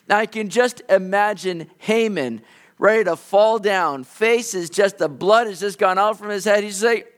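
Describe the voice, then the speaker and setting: A male pastor preaching a sermon, retelling a story in an animated, conversational way. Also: high-pitched, a little slow. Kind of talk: expository sermon.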